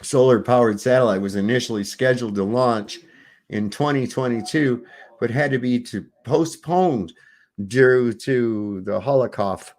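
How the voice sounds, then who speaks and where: A man's voice: medium pitch, a little slow, a little mellow. A man hosting a casual commentary show, reacting sarcastically to videos with frequent swearing. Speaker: host.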